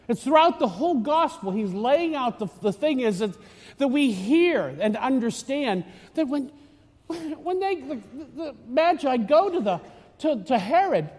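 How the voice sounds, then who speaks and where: A man giving a chatty, teasing homily as a priest, rambling with many restarts, recorded in a church. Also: very high voice. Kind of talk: conversational homily. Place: church in Florida. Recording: long church reverb.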